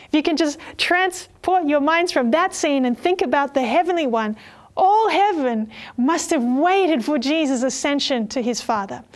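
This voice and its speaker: A woman preaching a sermon in a high voice. She talks in an earnest, expressive way, moving between scripture readings and vivid storytelling as she speaks to her listeners.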